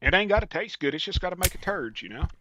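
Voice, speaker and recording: A man's voice: sits high, sing-song, fast, muffled recording, very noisy. A man live-streaming a game, chatting casually with crude, teasing banter and folksy slang. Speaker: streamer playing a fishing game.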